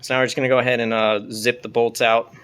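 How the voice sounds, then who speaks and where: A man's voice: medium pitch, flat delivery, fast, a bit bright, smooth. A man casually talking through car work in his garage, loose and profane. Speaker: car vlogger. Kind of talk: casual garage vlog talk. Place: home garage.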